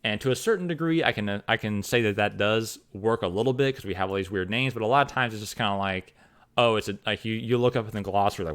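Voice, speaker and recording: Rambling man, low voice. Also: fast talker, a bit bright. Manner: rambling, many restarts and fillers. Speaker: fantasy author. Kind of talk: casual opinion monologue.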